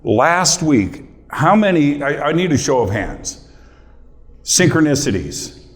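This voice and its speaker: Fairly high-pitched and very animated yet slow-paced, this middle-aged man hosts before a live crowd. His talk is casual, personal and emotional; he chats with the audience while choked up and close to tears.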